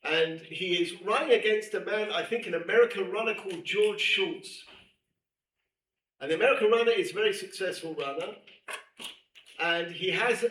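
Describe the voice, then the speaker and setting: A man teaching a class, animated and emphatic, repeating key phrases and reading Hebrew texts quickly. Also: sits high. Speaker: teacher at a women's seminary. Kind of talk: lecture to a class. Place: room with a class present. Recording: echoey room, distant mic, faint hiss.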